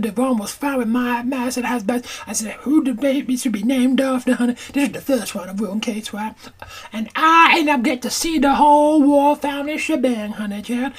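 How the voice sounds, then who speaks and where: A woman's voice: high-pitched, slightly rough. A woman playing Nanny Prescott, a rambling grandmother. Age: older. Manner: calls everyone "honey child", rambling and theatrical. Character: chatty older grandmother who brags about royal encounters. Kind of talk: comedy audio drama acting.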